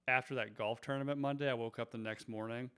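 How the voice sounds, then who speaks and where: A man from North Carolina hosting a podcast in a relaxed, chatty way. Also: medium pitch, fast talker, smooth. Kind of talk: casual podcast chat.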